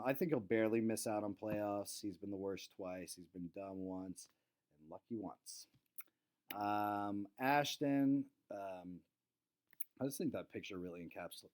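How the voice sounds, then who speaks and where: Hosting a relaxed fantasy football league recap, a young man speaks in a lowish, darkish voice. He fills his talk with ums and other fillers and raises his voice when quoting friends.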